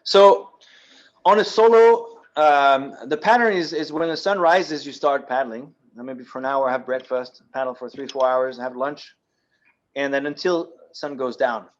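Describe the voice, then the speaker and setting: The recording is low quality: a man from France, speaking with a French accent in a mid-range voice at a measured pace. As a guest presenter at a yacht club meeting room, he fields audience questions in a practical, step-by-step way, full of ums and restarts.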